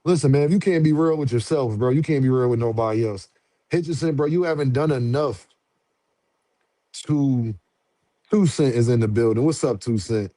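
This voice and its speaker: A man's voice: mid-range voice, moderate pace, dry recording. Slangy man riffing to chat, dry close mic. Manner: slangy, animated, talks back to chat. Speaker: boxing commentary streamer. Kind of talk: casual livestream commentary.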